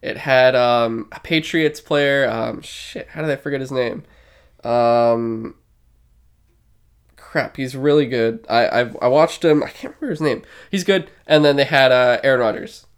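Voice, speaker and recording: A man's voice: medium pitch, measured pace, clear, resonant tone. A man co-hosting a podcast in casual chat, rambling loosely with plenty of fillers and swearing. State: short of breath. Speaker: podcast co-host.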